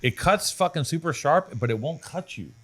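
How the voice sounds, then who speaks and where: This podcast host's casual ad read is a brash, profane stream of jokes. His voice is fairly high and a bit bright, with lively intonation and a normal pace.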